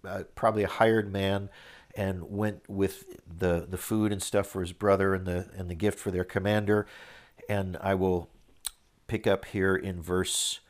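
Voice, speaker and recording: A man reads a Bible passage aloud and then retells it in a relaxed, conversational manner. His voice sits fairly low, with easy restarts as he explains. He sounds like a teacher leading a Bible lesson. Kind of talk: Bible reading with casual retelling.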